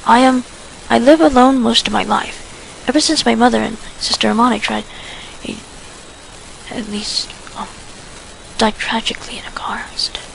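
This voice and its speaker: A woman's voice: a little high, steady tone, moderate pace, gravelly, pauses often, a little hiss or hum, rough recording. A woman voicing a shy, polite teenage boy from London who speaks hesitantly and stammers. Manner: hesitant, soft-spoken, stammering.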